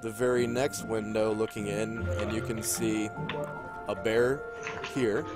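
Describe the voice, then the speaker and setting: A man's voice: fairly low pitch, level tone, measured pace. Man running a tabletop game over music. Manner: loose, describing scenes with fillers. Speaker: game master.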